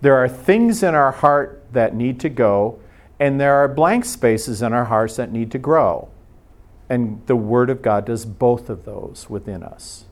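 A middle-aged man delivers a sermon in a relaxed, conversational way. He tells stories and throws in casual asides, speeding up in quick bursts. His voice sits at an ordinary, middle pitch for a man. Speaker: preacher.

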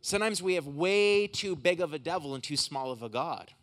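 A man preaching as a guest speaker in a church service. He moves from emphatic, rising preaching into quiet, intense prayer for healing. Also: a little high, expressive, fairly quick. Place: hotel conference room church.

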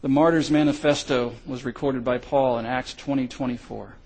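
A middle-aged male pastor telling a story in a sermon, swinging from loud cries to hushed lows. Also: fairly even intonation, moderate pace, breathy edge, low-quality recording.

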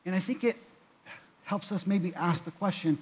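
A man preaching a sermon in an earnest way, often repeating words and restarting, and growing louder when he voices pleas. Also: normal speed, breathy edge. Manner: rises louder and higher when voicing the psalmist's pleas. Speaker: pastor.

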